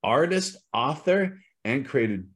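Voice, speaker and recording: A man's voice: medium pitch, expressive, fairly bright tone. A middle-aged man from the United States hosting a podcast interview, upbeat and eager to dive into questions. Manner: upbeat, talks of diving in, quick asides. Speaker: podcast host.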